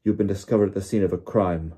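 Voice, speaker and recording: A man's voice: low-pitched, steady tone, quick pace, mellow, breathy edge. A man voicing a cold, curt, furious male official who snaps accusations, in an audiobook reading. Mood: accusing. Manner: snapping accusations. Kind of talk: audiobook character voice.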